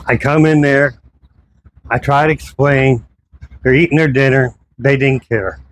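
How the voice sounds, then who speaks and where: A man's voice: mid-range voice, steady tone, a little slow, slight background noise. A man vlogging casually to camera, recounting events with indignation and frequent restarts. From foreigner living in the Philippines.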